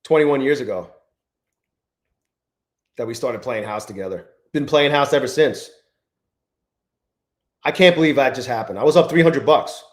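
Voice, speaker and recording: A man hosting a live trading stream, chatting with viewers, swearing often and swinging between low mutters and exasperated outbursts. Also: normal speed, long pauses, echoey room. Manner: profane, exasperated, talks to chat. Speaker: livestream trading host.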